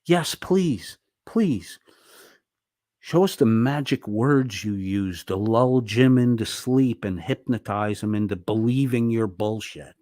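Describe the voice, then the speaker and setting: Angry profane man, low dry voice. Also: unhurried, hardly any pauses, a little mellow, no echo. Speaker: streamer. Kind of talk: ranting monologue.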